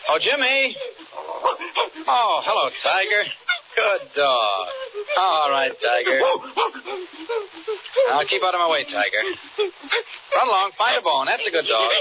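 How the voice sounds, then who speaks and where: A heroic, commanding man in an old radio serial, calling out with urgent emphasis. His voice climbs very high and swings widely. The broadcast is dull and muffled, with loud crowd-like noise behind. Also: huge pitch swings, a little slow, vocal fry, pauses often, exaggerated voice. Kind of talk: 1940s radio acting.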